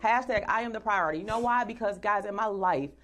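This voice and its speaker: A woman in her forties hosts a live-streamed talk show, speaking fast in a mid-range voice. She's animated and playful, laughing often and talking conversationally straight to her viewers.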